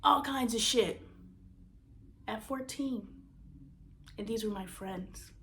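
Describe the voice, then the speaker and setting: A woman's voice: a little high, slow. Candid woman host telling a raw personal story. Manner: candid and profane, emphatic; swings from loud emphasis to hushed near-whispers. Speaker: podcast host.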